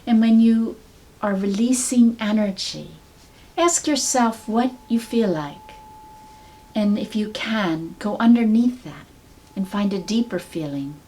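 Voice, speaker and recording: Slow, calm woman teaching. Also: mid-range voice. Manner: calm, measured, soft-spoken. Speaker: sound healing teacher.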